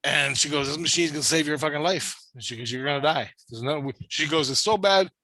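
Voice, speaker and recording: A man's voice: a little high, fairly even intonation, quick pace, pushed and bright, no echo. A man telling a long, rambling story in casual conversation, swearing constantly and talking with intensity. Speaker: storyteller recounting a spirit-world experience.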